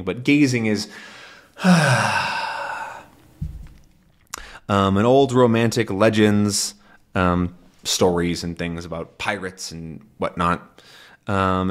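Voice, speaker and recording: A male English teacher explaining a comic to learners in a relaxed way, with many "um"s and "right?"s. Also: low-pitched. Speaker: English teacher, channel host.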